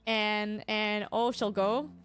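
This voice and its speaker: A woman's voice: medium pitch, steady tone, slow, fairly bright tone, smooth, dry recording, faint music behind. A young Canadian woman with a Canadian accent, chatting casually with her live chat while streaming a game, laughing often and restarting sentences. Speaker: livestream gamer.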